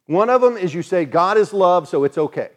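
A man's voice: sits high, animated, fairly quick. Conversational man preaching a sermon. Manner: conversational preaching, acts out quoted voices. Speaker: pastor.

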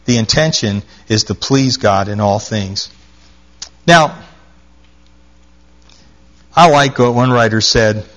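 A man's voice: mid-range voice, slow, pauses often, a bit bright. A man preaching a sermon, reading scripture aloud and stressing his points by repeating key phrases. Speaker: pastor.

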